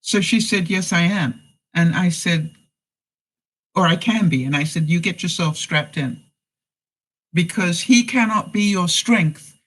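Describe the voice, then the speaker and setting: A man's voice: high-pitched, a little slow, long pauses, fairly bright tone, low-quality recording. A man in a casual live stream, telling a story and speaking to viewers by name in a folksy way with frequent fillers. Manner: folksy, addresses commenters by name, frequent "you know". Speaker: vlogger answering live chat.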